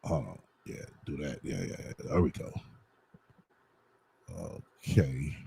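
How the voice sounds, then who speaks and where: A man's voice: very deep voice, very animated, takes it slowly, vocal fry, mellow, slight background noise, rough recording. A man, live-streaming and talking to his viewers while he fights with his setup, muttering, swearing and asking them to bear with him.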